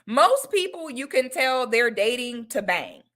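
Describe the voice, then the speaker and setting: Woman, livestream host, blunt, opinionated, animated, bright, lively pitch. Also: a little slow. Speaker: online talk host. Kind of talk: casual livestream talk.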